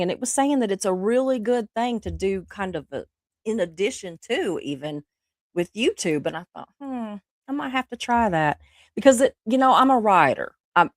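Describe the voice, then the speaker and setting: A woman's voice: mid-range voice, no room sound, studio quality. Chatty woman with the flu. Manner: rambling, chatty, laughs often, reads chat aloud. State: sick with the flu. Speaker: livestream host. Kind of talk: casual chat with live viewers.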